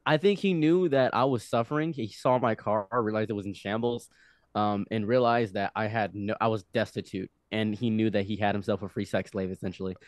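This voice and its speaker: A young man in his twenties, a podcast guest telling a story in casual conversation, animated and often restarting his sentences. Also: fairly low pitch, brisk, no room sound, clean studio sound. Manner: animated, with frequent restarts and acted-out quotes.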